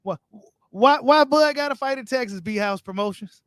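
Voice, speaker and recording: A man's voice: very high-pitched, moderate pace, smooth, dry recording. A man hosting a boxing live stream, reading viewer comments and giving his take in casual, slangy talk straight to his viewers. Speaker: boxing channel host.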